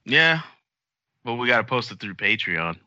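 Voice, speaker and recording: A man's voice: mid-range voice, big pitch swings, normal speed, bright, forceful tone, no echo, highs cut off. A man hosting a podcast in loose, joking banter, often laughing. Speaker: podcast host.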